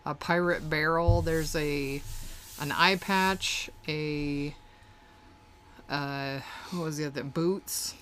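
A woman's voice: low voice, fairly even intonation, slow, a bit bright, a little hiss or hum. A woman co-hosting a podcast in casual chat, rambling with fillers. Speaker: podcast co-host.

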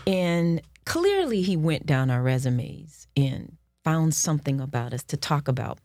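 A woman's voice: sits low, a little slow, dry recording, studio quality. A woman, an actress, telling stories in a casual interview and acting out quoted people as she goes. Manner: animated storyteller, acts out quotes.

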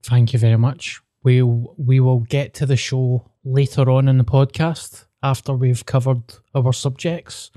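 Sweary man, dark and dry. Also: mid-range voice, fairly even intonation, measured pace, few pauses, no echo. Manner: blunt, sweary banter. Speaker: podcast host, comedian. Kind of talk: casual chat.

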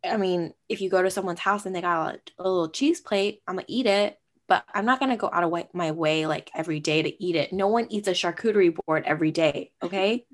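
A young woman co-hosting a casual chat, telling stories and acting out quotes with animated, rising energy. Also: fairly low pitch, quick pace, few pauses. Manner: animated, acts out her dad and herself in quotes. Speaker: podcast co-host.

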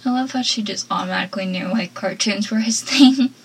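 A woman's voice: mid-range voice, a little fast, slightly rough, poor audio. A woman recapping a TV episode in a casual, chatty, enthusiastic way, with asides and laughter. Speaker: show recap host. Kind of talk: casual show recap, reading out scenes.

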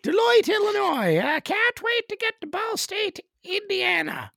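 Squawky, hollering old Newfoundland fellow. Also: male voice, very high-pitched, big pitch swings, unhurried, gravelly, bright, forceful tone, no room sound, studio quality, voice pushed up, full character voice. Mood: boisterous. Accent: put-on Newfoundland. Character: rowdy old rural Newfoundland man, boisterous.

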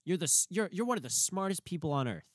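A young man, a college student, chatting casually and ranting in an animated way that gets sharp when he is worked up. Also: sits high, fast talker, dry recording, studio quality. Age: young adult. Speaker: pre-med college student. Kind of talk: casual chat.

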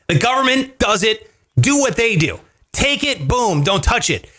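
A man's voice: high-pitched, sing-song, a little slow, sharp tone. A man hosting a casual chat show, explaining money tips with emphatic, profane energy. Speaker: podcast host.

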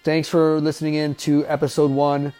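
A man's voice: on the high side, completely flat delivery, moderate pace, dark tone, soft background music. Foul-mouthed man riffing over a movie. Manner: profane, wisecracking and offhand. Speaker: podcast host. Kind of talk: casual watch-along movie commentary. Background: faint film soundtrack.

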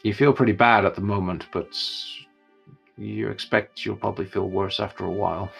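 A man narrating a tabletop game as its game master, in a relaxed, chuckling way. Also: on the low side, moderate pace, vocal fry, husky, muffled recording, soft background music.

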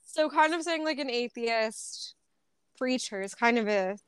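A woman's voice: fairly high pitch, animated, measured pace, clear, resonant tone, no room sound. A young woman co-hosting a casual chat, rambling with lots of fillers and giggles. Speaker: co-host.

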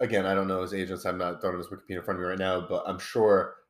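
Male podcast co-host, low register, loose rambling film talk. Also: flat delivery, racing. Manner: rambling, restarts with lots of "like". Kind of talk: casual film discussion.

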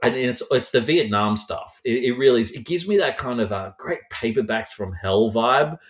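A man's voice: mid-range voice, animated, normal speed. A man who is a podcast guest, talking about stories in a playful, colorful, emphatic way. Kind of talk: casual podcast chat.

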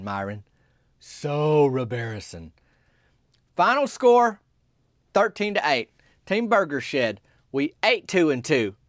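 A man telling a comic story in a rambling, deadpan, folksy way. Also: sits high, dry recording, clean studio sound.

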